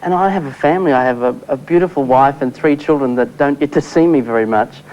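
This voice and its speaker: A man's voice: medium pitch, fast, a little mellow, dull audio, a little hiss or hum. Easygoing Australian man, talk guest. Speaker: stage performer, guest. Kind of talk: talk-show chat.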